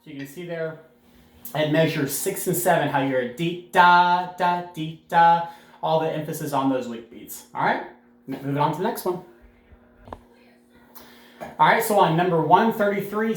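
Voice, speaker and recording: A man teaching a recorded band lesson, calmly explaining rhythm and counting beats aloud with plenty of "uh"s. His voice sits a touch high for a man. The room around him is noticeably echoey. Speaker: middle school band teacher.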